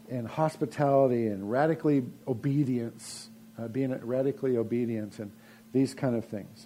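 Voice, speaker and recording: A man's voice: a little high, darkish tone. A man preaching a sermon as pastor of his church, in a folksy, conversational way with frequent restarts.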